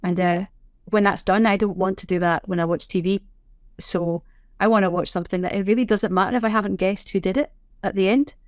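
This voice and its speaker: A middle-aged woman with a Scottish accent talks freely in a podcast interview, spinning anecdotes with a wry, self-deprecating touch. Her voice sits at an ordinary pitch for a woman and comes through close and dry, with no room sound around it. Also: brisk, no echo. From Scotland. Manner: chatty, self-deprecating, animated storyteller. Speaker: guest, sign language interpreter. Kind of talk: casual interview chat.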